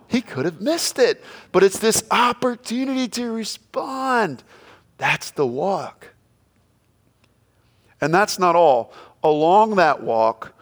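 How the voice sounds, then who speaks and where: Animated male pastor preaching. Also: a little high. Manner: animated, swings from hushed to shouting quotes. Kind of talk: sermon.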